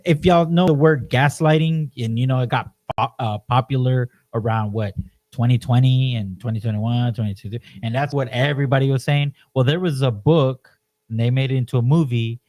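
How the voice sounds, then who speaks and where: A man co-hosting a podcast, talking in an animated, emphatic way and leaning on "you know" as he tells stories. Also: medium pitch, a little fast. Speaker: podcast co-host. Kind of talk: casual podcast chat.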